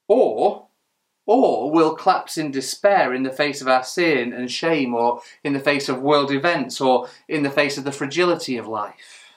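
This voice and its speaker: A man's voice: mid-range voice, normal speed. A man preaching a sermon in church, earnest and emphatic, asking rhetorical questions as he reads and explains scripture.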